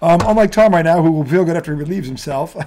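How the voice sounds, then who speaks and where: A man's voice: a little high, dark tone. A man hosting a sports talk show, ranting and swearing freely in a casual debate and laughing often. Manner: profane, ranting, quick to laugh.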